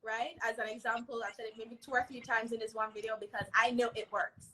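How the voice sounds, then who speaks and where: A woman speaks as an interview guest, earnest and emphatic as she lays out her advice. Her voice sits a little high and rings bright and forceful, with a faint hiss of noise behind her. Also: little pitch movement, fast talker, low-quality recording. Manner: earnest, emphatic, tags lines with "right?". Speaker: mental health advocate guest.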